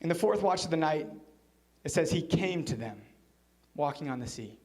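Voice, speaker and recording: Telling a story during his sermon in church, this pastor speaks expressively at a moderate pace. For quoted lines, he sometimes sinks into a hushed low voice.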